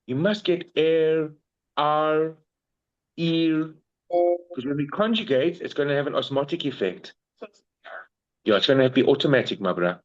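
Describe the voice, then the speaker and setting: A man with a South African English accent tutoring Spanish one-on-one in a casual, slangy, animated way. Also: a little high, a little slow, long pauses, highs cut off. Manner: slangy and animated, calls people bro. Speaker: Spanish teacher.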